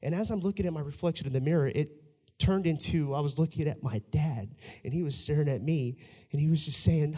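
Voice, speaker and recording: Male preacher, high voice, hushed storytelling that climbs into shouted exhortation. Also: fairly quick, in a large hall. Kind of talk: sermon.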